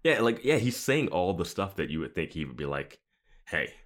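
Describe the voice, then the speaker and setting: A man's voice: deep voice, sing-song, fairly quick. A man co-hosting a podcast, chatting casually and rambling with lots of fillers and laughter. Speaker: podcast co-host. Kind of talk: casual chat.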